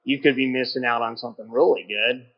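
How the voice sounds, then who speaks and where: A chatty male podcast host talks casually in an interview set in a brewery taproom, rambling and often restarting his sentences. His mid-range voice is steady with a breathy edge, and he speaks quickly. The recording sounds a little dull.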